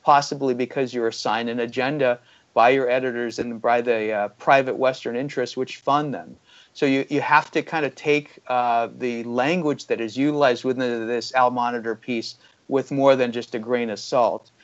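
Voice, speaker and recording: A man's voice: medium pitch, steady tone, normal speed, lo-fi sound. A man giving critical economic commentary as an interview guest, arguing his points with frequent fillers. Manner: critical, argumentative, many fillers.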